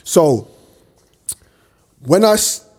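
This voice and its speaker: Husky slangy man. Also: a little high, extremely slow. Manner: animated storyteller, slangy, swears freely. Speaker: podcast co-host. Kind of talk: casual chat.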